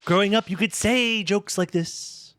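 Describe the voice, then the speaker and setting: A man's voice: sits high, a little slow, a bit bright. A man doing a blustering old politician impression. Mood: grandiose. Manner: rambling, grandiose, addresses "folks".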